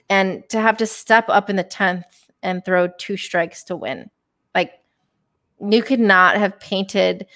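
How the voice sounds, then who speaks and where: A woman's voice: mid-range voice, a bit bright. A woman in her thirties, a guest on a podcast, telling a personal story candidly and with feeling, with many fillers and restarts. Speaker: guest, professional bowler. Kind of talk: casual podcast interview storytelling.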